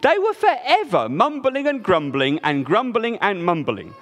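A man's voice: high voice, unhurried. Playful male storyteller in a large hall. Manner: expressive, playful, asks listeners to join in. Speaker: children's storyteller. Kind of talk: animated storytelling with audience participation. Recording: reverberant hall.

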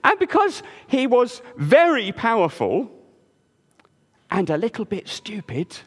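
A man telling a story to a crowd in a big hall, high-pitched and hugely animated, swooping up and down. He speaks slowly and playfully, pulling listeners into the tale. A long reverb trails his voice. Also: breathy edge. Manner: expressive, playful, asks listeners to join in. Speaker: children's storyteller. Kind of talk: animated storytelling with audience participation.

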